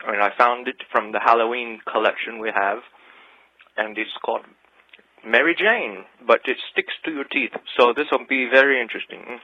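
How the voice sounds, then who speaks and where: A man's voice: medium pitch, moderate pace, no echo. Man on a tinny phone line, candy-slurred. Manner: sticky, slightly slurred from candy. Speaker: caller. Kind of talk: reading tongue twisters with candy in mouth.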